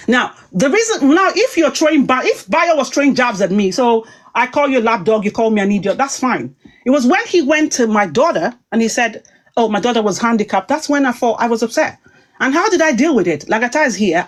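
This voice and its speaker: An upset woman talks through a grievance on a live stream in a slightly high voice. She is emphatic and repeats herself, often breaking off and restarting sentences. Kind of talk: heated personal monologue.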